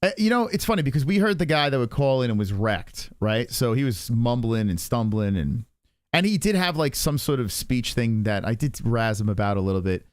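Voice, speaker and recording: A man in his forties hosting a live stream, rambling casually with heavy swearing and heartfelt pauses. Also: medium pitch, big pitch swings, dry recording, clean studio sound. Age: 40s. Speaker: stream host.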